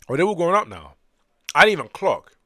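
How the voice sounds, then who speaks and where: Lively, excitable young man streaming. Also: fairly high pitch, fairly quick, no echo, clean studio sound. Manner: excitable, bursts into loud exclamations. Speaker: streamer reading manga aloud. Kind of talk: casual stream chat and reading aloud.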